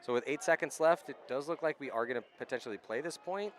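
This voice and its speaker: A man calling live paintball play outdoors, breaking down tactics in a chatty, analytical manner. His voice sits at an ordinary middle male pitch, and the open air of the field is around him. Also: slight background noise. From California. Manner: chatty, analytical, quick to laugh. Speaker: play-by-play commentator. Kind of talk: live sports commentary.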